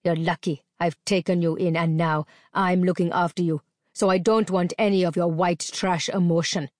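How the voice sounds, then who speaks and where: A woman's voice: lowish voice, steady tone, measured pace, a little mellow, dry recording, clean studio sound, close to an everyday voice. A woman reading aloud, putting on the voice of a brutal, menacing man who snarls out demands. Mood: contemptuous.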